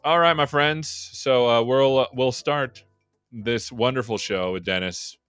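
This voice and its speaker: A man's voice: medium pitch, measured pace, fairly bright tone, clear, resonant tone, soft background music. A man hosting a live tech stream, chatting and joking about himself, his voice run through a vocal processor. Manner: joking, self-deprecating, chatty. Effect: vocal processor echo. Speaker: host. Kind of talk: casual livestream banter.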